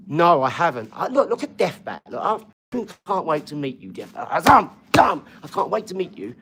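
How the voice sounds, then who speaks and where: A man's voice: fairly high pitch, very animated, moderate pace, a bit bright, slight background noise. A man hosting a casual livestream, rambling between topics, swearing freely and answering viewers' comments. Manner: talks to viewers' comments directly. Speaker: livestream host.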